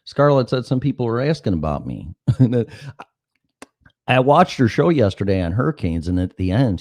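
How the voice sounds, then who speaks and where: A middle-aged talk show host with a lowish voice tells anecdotes casually at normal speed. He is animated and profane, acting out dialogue, and there is no room sound.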